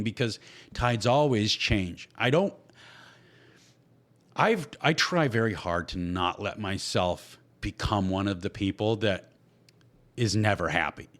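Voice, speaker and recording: A man hosting a casual podcast talks bluntly and heatedly, swearing constantly. His voice is fairly low and fairly bright in tone, and he speaks unhurriedly.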